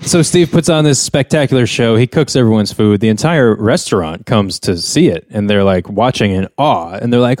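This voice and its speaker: A man co-hosting a podcast, casually recapping a sitcom episode and acting out the characters' lines in higher voices, with frequent chuckles. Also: moderate pace, few pauses, a little mellow, no room sound, studio quality. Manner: laid-back storytelling, acts out quotes in higher voices, chuckles often. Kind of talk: casual chat.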